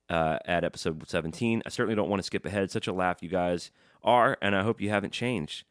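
A man's voice: low-pitched, clean tone, no echo, clean studio sound. A man co-hosting a podcast, joking around and reading listener emails in casual chat. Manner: jokey, fast, banter-heavy. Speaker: podcast co-host.

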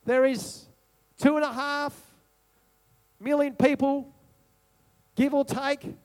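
Male pastor, very high voice, repetitive rhetorical sermon delivery. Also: level tone, slow pace, darkish tone. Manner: repetitive rhetorical preaching, asks the congregation questions.

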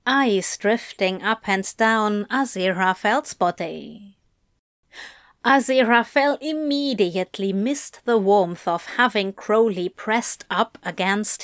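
Woman narrating fan fiction, slow and soft, dry close sound. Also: mid-range voice, no echo. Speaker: reader.

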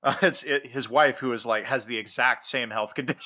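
A man's voice: mid-range voice, brisk, bright, forceful tone. A man casually telling a story on a podcast, rambling with fillers and laughing mid-sentence.

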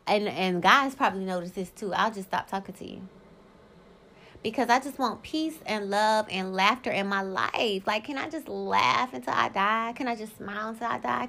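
A woman's voice: fairly high pitch, vocal fry, bright, forceful tone. A woman in her thirties hosting her own podcast, talking candidly and emphatically to her listeners in a casual monologue, sometimes reading old yearbook notes aloud. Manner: candid, profane and emphatic, talks straight to listeners. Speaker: podcast host.

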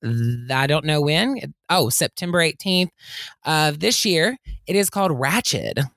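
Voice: mid-range voice, lively intonation, measured pace, gravelly, fairly bright tone, no room sound, studio quality. A podcast co-host in casual chat, bubbly and enthusiastic, often breaking into giggles.

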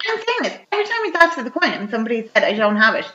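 Girl chatting away about a movie, bright voice, roomy muffled sound. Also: fairly high pitch, rapid-fire. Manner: chatty, lively retelling full of "like" and quoted lines. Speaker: podcast co-host. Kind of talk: casual chat recapping a film. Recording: echoey room, slightly dull sound.

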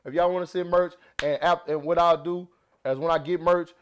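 A high-pitched man with a Southern accent chats on his podcast in a loose, excitable way. He laughs often and restarts his sentences as the thoughts tumble out. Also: fairly quick, clear, resonant tone. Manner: animated, laughing, many restarts and fillers. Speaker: podcast host. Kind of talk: casual podcast chat.

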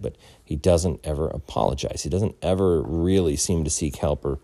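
Very low, dark-voiced man, casual film recap, dry close recording, halting delivery. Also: lively intonation, vocal fry, no room sound. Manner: halting, many fillers and restarts. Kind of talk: casual film plot retelling.

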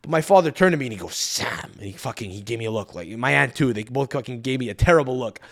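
A young man hosting a podcast, telling a story as a profane, animated rant that swings between loud outbursts and muttered asides. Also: medium pitch, very fast. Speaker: podcast host. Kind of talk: ranting storytelling monologue.

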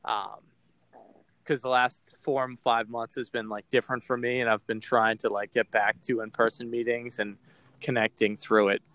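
A man's voice: medium pitch, level tone, moderate pace, a bit bright, no echo. Podcast host guy from boston, open and rambly, lots of ums, dead dry room. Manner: candid, rambling with frequent fillers. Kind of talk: casual podcast chat.

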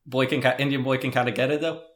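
A man's voice: mid-range voice, steady tone, fast talker. A young man co-hosting a casual comedy podcast, wry and teasing, often restarting his sentences. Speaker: podcast co-host.

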